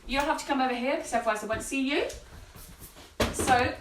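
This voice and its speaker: A woman's voice: high voice, fairly quick, roomy sound, noisy background. A woman hosting a casual live stream from her home kitchen, chatty and upbeat, greeting viewers by name. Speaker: host of a live cleaning-product show.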